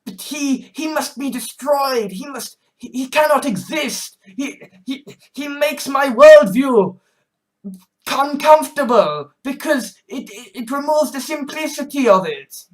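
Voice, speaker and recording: A man's voice: very high voice, animated, a little slow, far from the mic, voice pushed up. A young man putting on the voice of a melodramatic online hater to mock them. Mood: mock outrage. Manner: mocking, melodramatic outrage.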